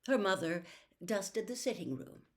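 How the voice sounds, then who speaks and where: A woman reading a children's book aloud in a gentle, expressive way. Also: medium pitch, unhurried. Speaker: storybook reader.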